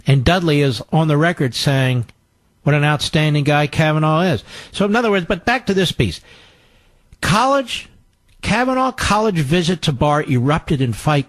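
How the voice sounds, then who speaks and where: Sarcastic combative talk radio host. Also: male voice, dry recording. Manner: swings his pitch widely for emphasis. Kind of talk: political talk radio monologue.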